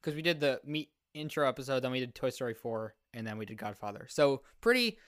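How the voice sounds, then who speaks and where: A young man hosts a casual movie podcast on a close microphone, joking about himself and wandering through his points with plenty of restarts. His voice sits at an ordinary middle pitch. The sound is dry and close. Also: animated, quick pace, fairly bright tone, no room sound. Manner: joking, self-deprecating, rambling with restarts. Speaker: podcast host. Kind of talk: casual chat.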